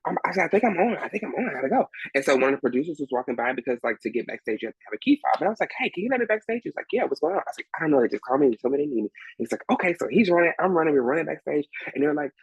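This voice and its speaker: A man tells a backstage story as an interview guest, his voice swooping high and low as he acts out everyone in it. His tone is gravelly and a little husky. The sound is close and dry. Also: racing, hardly any pauses, no room sound, muffled recording. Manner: lively, acts out voices of people in his story, laughs often. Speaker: guest, Broadway swing performer. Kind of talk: animated storytelling in conversation.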